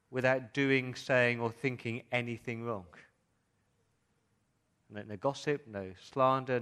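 A man's voice: medium pitch, fairly bright tone. Man preaching with rhetorical questions. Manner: asks the congregation rhetorical questions. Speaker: pastor. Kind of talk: sermon.

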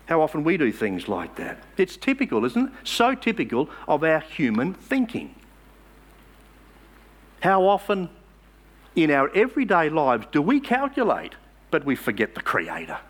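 A man's voice: a little high, huge pitch swings, moderate pace, husky. A man preaching a sermon in church, emphatic and asking the congregation rhetorical questions.

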